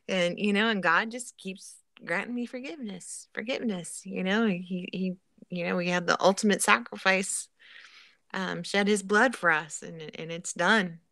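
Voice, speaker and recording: A woman chatting earnestly on a live stream, giving gently preachy, faith-centred advice. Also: medium pitch, measured pace, no echo, clean studio sound. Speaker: guest in a live chat. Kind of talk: casual chat.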